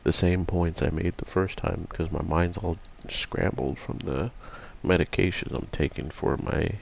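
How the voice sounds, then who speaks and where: Deep gravelly-voiced man with a sick voice. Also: steady tone, normal speed, slight background noise. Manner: rambling, filler-heavy. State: sick, rough voice. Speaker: anime reviewer. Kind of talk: casual video review.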